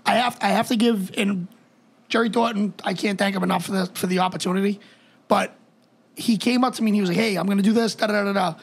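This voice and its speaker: Fast, raspy, high-voiced man stammering. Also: steady tone. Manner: rapid, stammering restarts, heavy swearing. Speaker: podcast co-host. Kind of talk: casual chat.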